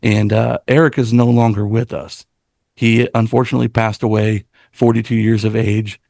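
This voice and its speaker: A man co-hosting a podcast, talking earnestly and from the heart, often circling back to restart a thought. His voice carries a gravelly fry and sounds dry and close to the mic. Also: on the low side, level tone, moderate pace, a little mellow, no echo. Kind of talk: casual podcast chat.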